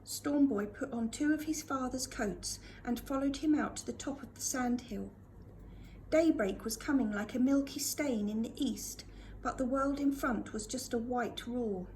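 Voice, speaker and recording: A woman reading a storybook aloud to a school class with expressive delivery. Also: a little high, measured pace, slight background noise.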